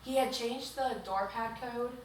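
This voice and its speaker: A woman's voice: fairly high pitch, fairly even intonation, a little slow. Woman podcast co-host, rambling chatty recap, very roomy echo, distant mic. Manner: chatty, rambling storytelling full of "like". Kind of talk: casual chat recapping a book. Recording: very echoey room, distant mic, faint hiss.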